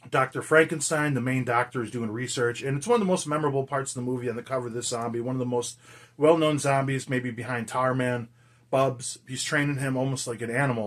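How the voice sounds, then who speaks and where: A man casually reviewing a horror film in an enthusiastic, rambling, profane way. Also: mid-range voice. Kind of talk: casual movie review chat.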